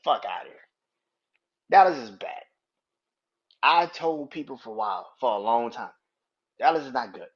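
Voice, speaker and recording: A man's voice: medium pitch, lively intonation, normal speed, long pauses, lo-fi sound. A man hosting a sports podcast, ranting in a heated, profane, incredulous way. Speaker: podcast host. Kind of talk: sports opinion rant.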